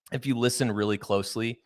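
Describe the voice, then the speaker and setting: A man hosts a podcast in a relaxed chat, his throat irritated so he keeps clearing it. He asks the guest several questions in quick bursts. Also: mid-range voice. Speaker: podcast host and interviewer. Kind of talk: casual conversation.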